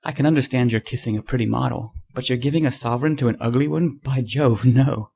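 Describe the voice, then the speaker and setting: A man reading aloud, voicing a jovial painter who breezily teases his friend, with a gravelly, husky tone. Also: medium pitch, fast, darkish tone. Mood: amused teasing. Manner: amused, breezy, playful.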